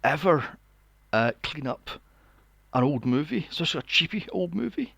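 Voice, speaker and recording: This forties-aged podcast co-host has a fairly high, fairly bright voice with vocal fry, and he's very animated at a moderate pace. His casual movie review turns into a sarcastic, sweary rant, recorded without echo.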